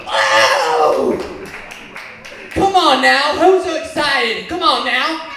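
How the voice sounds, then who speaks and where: A man's voice: very high-pitched, huge pitch swings, drawn-out words, sharp tone. A man from Oklahoma doing stand-up comedy in a small bar, bantering loosely with the crowd. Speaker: stand-up comic. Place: small bar lounge stage. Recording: echoey bar room, audience noise.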